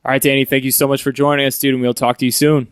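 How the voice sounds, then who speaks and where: A man's voice: medium pitch, flat delivery, rapid-fire, clear, resonant tone, dry recording, studio quality. A man hosting a podcast in a casual, upbeat way, laughing often and reacting briefly. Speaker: podcast host.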